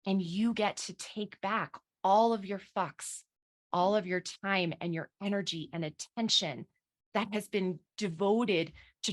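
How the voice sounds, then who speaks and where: A woman coach leading a guided visualization over a live online session, slow and soothing, swearing now and then. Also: medium pitch.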